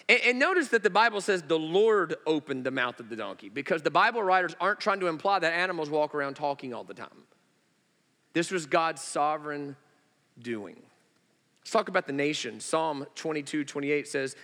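A male pastor preaching a sermon, an animated storyteller who swings between loud, high exclamations and slow, hushed emphasis. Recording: long reverb of a large hall.

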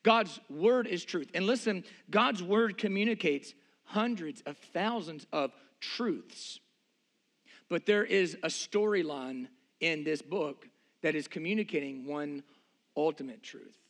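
Bright high-voiced male preacher. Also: unhurried. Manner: asks repeated rhetorical questions, earnest and emphatic. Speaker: pastor. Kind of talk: sermon.

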